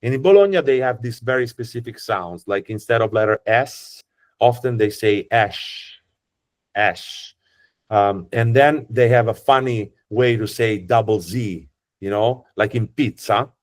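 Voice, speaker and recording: A man from Italy with an Italian accent works as a tour guide, explaining things casually in a mid-range voice at normal speed. His talk is chatty and joking, with frequent restarts.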